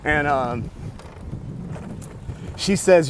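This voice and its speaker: A man tells a loose, cursing story straight into his phone while out riding a bike. His voice sits slightly high, and he keeps circling back over his own sentences. Street and vehicle noise runs clearly underneath. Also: normal speed. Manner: rambling, profane, self-talk with restarts. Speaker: vlogger. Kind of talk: casual storytelling vlog. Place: outdoors in a city on a bike ride. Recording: outdoor city noise behind.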